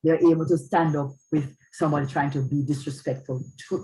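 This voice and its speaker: A woman's voice: sits low, mellow, low-quality recording. Female speaker at a church event, earnest, keeps asking "all right?" to check in with listeners. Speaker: speaker on parenting. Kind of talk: church talk.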